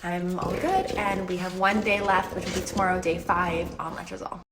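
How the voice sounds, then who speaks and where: A woman's voice: lowish voice, brisk, background noise. A young woman chatting candidly in a personal video diary with lots of fillers, filming herself on a phone in her car. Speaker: vlogger. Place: inside a car.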